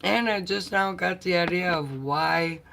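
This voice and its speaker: A woman chats with her viewers in an unhurried, easygoing way. Her voice is gravelly and bright, and she tells stories at a slow pace. She often clears her throat between thoughts. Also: lowish voice, a little hiss or hum. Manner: chatty, storytelling, often clears throat and laughs. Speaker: vlogger chatting with viewers. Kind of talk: casual live chat.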